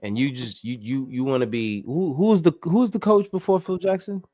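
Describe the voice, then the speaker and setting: Animated joking man in sports chat. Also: fairly high pitch, moderate pace, faint music behind. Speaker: podcast host.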